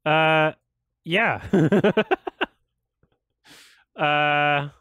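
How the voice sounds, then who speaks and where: A man hosting a casual reaction video, laughing often, swearing and breaking into loud excited exclamations between quieter musings. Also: on the high side, drawn-out words, clear, resonant tone, no echo, studio quality.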